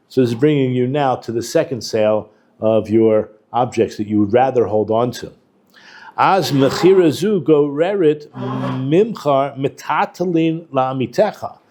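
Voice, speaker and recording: A man's voice: medium pitch, mellow. A man, a rabbi and educator, giving a conversational Torah lesson and working through texts with Hebrew terms and quotes. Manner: informal, with restarts and asides to the class.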